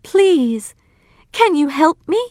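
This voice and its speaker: A woman's voice: very animated, slow pace, a little mellow, no echo, clean studio sound, full character voice. A woman doing a pleading young girl. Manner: high and pleading.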